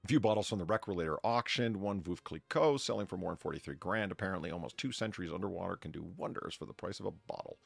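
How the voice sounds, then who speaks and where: A man's voice: sits low, fast talker, vocal fry, few pauses, no room sound. A man in casual stream chat, opinionated, reading news bits aloud and laughing often.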